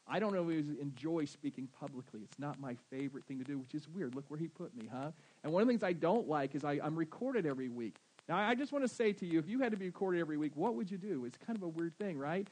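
A man's voice: a little high, darkish tone, poor audio. A man with a Southern American accent preaching a sermon as pastor, often asking his congregation questions.

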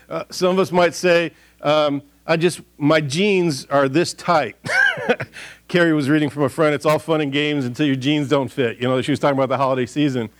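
A man's voice: on the high side, clear, resonant tone. A middle-aged man serving as pastor, giving a casual, folksy sermon and prayer in church, rambling with frequent restarts and fillers. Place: church sanctuary.

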